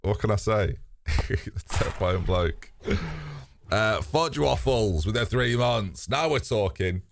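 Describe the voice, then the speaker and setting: Speaking slowly in a fairly low, gravelly and expressive voice, a British streamer chats candidly with viewers, rambling, swearing freely and laughing often. The recording is dry and clean, with studio sound.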